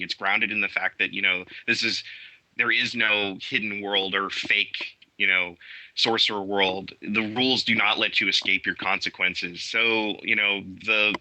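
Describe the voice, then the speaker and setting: Male guest, casual chat, enthusiastic, halting delivery full of restarts; tense, bright tone. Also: on the low side, no echo, rough recording. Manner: halting, many restarts and fillers; enthusiastic storytelling. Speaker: podcast guest. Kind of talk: casual interview talk.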